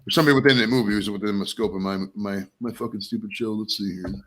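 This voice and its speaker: A man's voice: fairly low pitch, fast, a little hiss or hum, poor audio. A man hosting a podcast in casual chat, riffing in a jokey, profane way. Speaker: podcast host.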